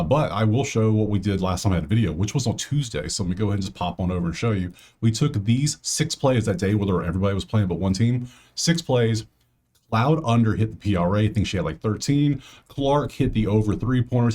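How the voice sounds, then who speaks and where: Low-voiced man doing chatty betting talk. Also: a little mellow. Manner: chatty, self-correcting, mutters asides to himself. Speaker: sports betting host. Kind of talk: casual solo commentary over a spreadsheet.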